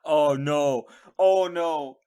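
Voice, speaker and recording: A podcast co-host in casual chat, reacting with animated jokes. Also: mid-range voice, drawn-out words, clean tone. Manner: animated, joking.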